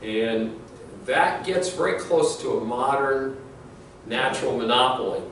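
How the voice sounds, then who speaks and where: A man's voice: mid-range voice, animated, measured pace, fairly bright tone, far from the mic. A middle-aged male law professor giving a conversational classroom lecture full of anecdotes, fillers and restarts. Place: large classroom. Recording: echoey classroom recorded from afar, faint hiss.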